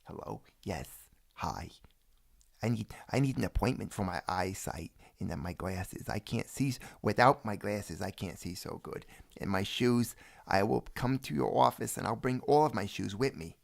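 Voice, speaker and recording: A man's voice: lowish voice, moderate pace, creaky, no echo. A man doing a fretful older man. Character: nervous older man needing new glasses.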